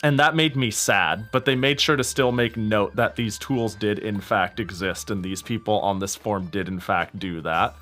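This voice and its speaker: A young male streamer talks while he plays, rambling from one thought to the next with a quick laugh and a casual curse thrown in. Faint game music sits low behind his voice. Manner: rambling and animated, laughs often, swears casually. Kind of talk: casual gaming stream chat.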